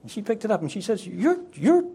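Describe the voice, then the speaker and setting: A man preaching a sermon to a congregation, animated and acting out the voices of the people in his story. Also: rapid-fire, husky. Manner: animated, acts out quoted voices with sharp pitch swings.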